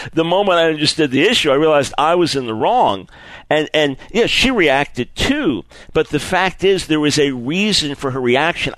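A man preaching a sermon, his higher-pitched voice rising and falling with strong expression. He repeats key phrases for emphasis and acts out the people in his examples. The sound is close and dry. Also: a bit bright, dry recording, poor audio. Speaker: preacher teaching on apologetics.

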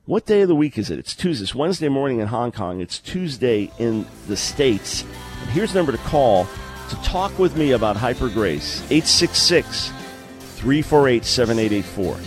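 A man's voice: mid-range voice, big pitch swings, normal speed, soft background music. A man hosting a live call-in radio talk show, speaking earnestly and conversationally, often repeating a word as he starts a sentence. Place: remote location, early morning.

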